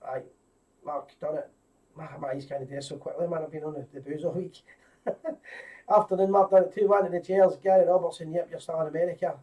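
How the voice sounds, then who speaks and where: A man's voice: fairly high pitch, steady tone, brisk, far from the mic, lo-fi sound. A middle-aged Scottish man hosting a live fan show in casual chat, greeting viewers by name and rambling with restarts.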